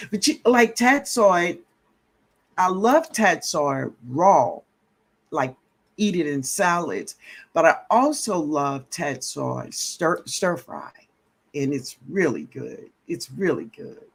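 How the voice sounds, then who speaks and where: A man hosting a casual gardening livestream, greeting viewers warmly and reading out their comments with a relaxed drawl. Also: fairly high pitch, slow, vocal fry. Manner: drawling, greets viewers as baby, laughs often. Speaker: livestream host. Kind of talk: casual live-stream chat reading comments.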